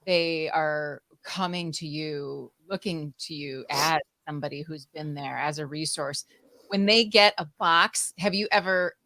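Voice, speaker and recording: Woman host, low bright voice, encouraging interviewer, dry close mic. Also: fairly even intonation, a little slow, no echo. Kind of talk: interviewer chat.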